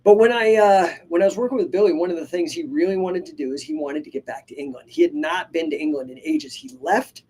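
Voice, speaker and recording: A man's voice: sits high, very animated, quick pace, few pauses, a little mellow, slightly rough. A man hosting a live podcast, telling stories energetically with many asides and casual swearing. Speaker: podcast host and coach. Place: live stream.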